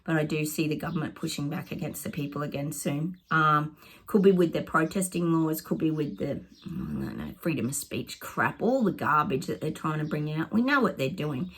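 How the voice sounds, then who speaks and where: A woman with a lowish, husky voice chats to her viewers as a psychic, reading oracle cards. She sounds excitable and conversational and keeps calling her audience "guys". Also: normal speed. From Australia. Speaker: psychic vlogger. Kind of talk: casual oracle card reading to camera.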